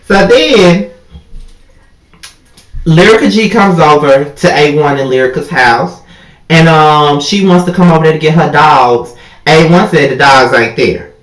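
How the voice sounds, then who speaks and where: A man's voice: fairly bright tone, reverberant, rough recording. Sassy young man ranting about reality TV. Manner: sassy, profane, swings up high when outraged. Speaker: YouTube TV recap host. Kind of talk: casual reality-TV recap rant.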